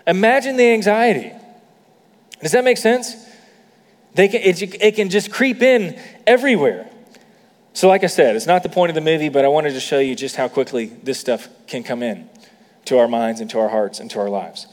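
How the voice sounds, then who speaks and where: A man's voice: a little high, expressive, moderate pace, big-room sound. A man preaching a sermon as a pastor, conversational with many fillers, building to emphatic peaks.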